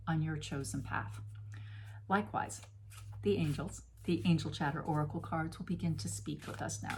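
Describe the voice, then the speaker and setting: A middle-aged woman with a fairly low voice talks through an oracle card reading in a casual, effusive way. She is playful and breaks into sudden exclamations. A faint hiss of noise sits under her voice. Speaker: spiritual reader.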